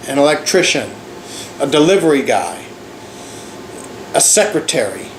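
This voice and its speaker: A man vlogging in a sarcastic, profane rant, his voice sitting slightly high. The room is echoey, with a faint air-conditioner hum in the background. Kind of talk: ranting commentary.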